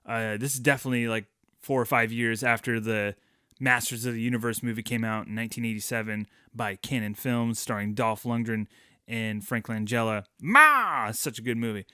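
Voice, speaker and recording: A man's voice: medium pitch, level tone, brisk, fairly bright tone, clear, resonant tone, no echo, studio quality. A man hosting a podcast, telling a rambling, profane childhood story with self-mocking jokes. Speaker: podcast host.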